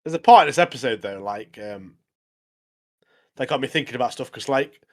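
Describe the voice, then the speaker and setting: A man trading casual jokes as a podcast co-host. His pitch swoops widely as he talks, and he laughs at his own stories. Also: lively intonation, a little fast. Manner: jokey, says "mate" constantly, laughs a lot. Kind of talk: casual chat.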